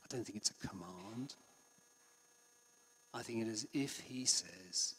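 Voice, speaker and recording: A man preaching a sermon in a conversational way, with frequent restarts and passages that drop to a hush. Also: lowish voice, measured pace, pauses often, slight background noise. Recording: long hall reverb.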